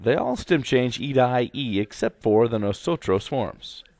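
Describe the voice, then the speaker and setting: A man's voice: medium pitch, expressive, moderate pace, a little mellow, no echo. A man teaching a grammar lesson slide by slide, speaking instructively and repeating directions to students. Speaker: Spanish teacher.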